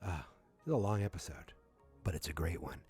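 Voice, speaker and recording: A man's voice: low voice, fairly quick, darkish tone, slightly rough, faint music behind. A man hosting a podcast, recapping an episode in a casual, rambling way with personal asides. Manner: chatty, rambling storyteller with asides. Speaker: podcast host.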